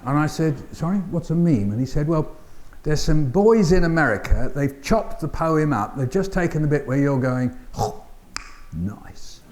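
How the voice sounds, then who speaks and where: An older man with a London accent, giving a keynote talk as an animated storyteller who acts out voices and sounds with dry humour. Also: on the high side, moderate pace, a little hiss or hum. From England. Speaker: keynote speaker. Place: conference hall.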